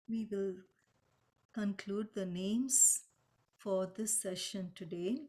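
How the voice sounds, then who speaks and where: Slow, gentle woman teaching chants. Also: mid-range voice, fairly even intonation. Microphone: video call.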